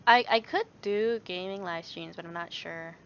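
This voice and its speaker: A woman's voice: on the low side, normal speed, fairly bright tone, muffled recording. Rambling young woman in a casual vlog chat. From Canada. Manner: rambling, many fillers and restarts, laughs often. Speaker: YouTuber answering viewer questions.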